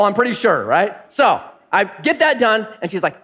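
A middle-aged man preaching a sermon, telling stories and swinging between punchy lines and hushed asides. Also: high voice, big pitch swings, normal speed, breathy edge. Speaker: pastor. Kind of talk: sermon with storytelling.

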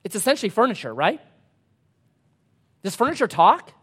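A man, a pastor, preaching a sermon with dramatic storytelling that swings from loud to hushed, sometimes acting out playful voices. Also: high voice, big pitch swings, moderate pace, husky. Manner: acts out playful voices for talking objects.

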